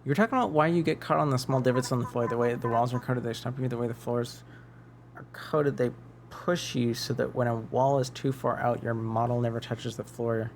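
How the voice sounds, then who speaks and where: A male streamer with a medium-pitched voice talks briskly in casual gaming chat, rambling and musing aloud to his viewers while he plays. There's a little hiss or hum.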